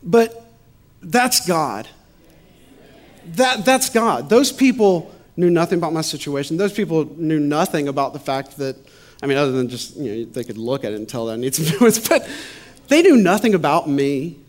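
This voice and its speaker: A man's voice: a little high, big pitch swings, moderate pace, darkish tone. A man casually telling a personal testimony, chatty and laughing often, shifting into preacher-like repetition on points of faith. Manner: chatty storytelling with frequent laughs and "you know".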